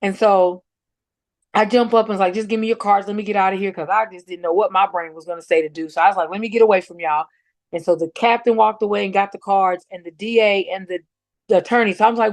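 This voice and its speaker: A woman's voice: medium pitch, a little fast, dry recording. Outspoken woman telling a story. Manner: animated storyteller acting out quoted dialogue; blunt and outspoken. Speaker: guest, bereaved mother. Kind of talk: emotional personal account.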